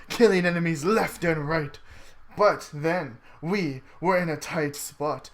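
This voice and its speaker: A casual reader reading a homemade adventure story aloud among friends, joking, swearing and tripping over the text. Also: medium pitch.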